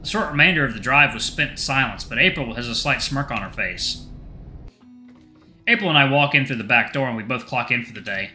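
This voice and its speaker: A man reading a visual novel aloud as host of a gaming channel, narrating in an animated, expressive way. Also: mid-range voice, a little fast, roomy sound, soft background music.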